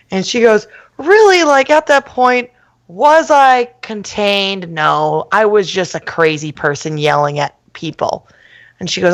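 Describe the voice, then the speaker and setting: A woman chats on a podcast and tells a story with lots of energy. She acts out the people in the tale and laughs as she goes. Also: mid-range voice. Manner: animated storyteller, laughs and shouts quotes. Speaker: podcast co-host. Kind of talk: casual chat, storytelling.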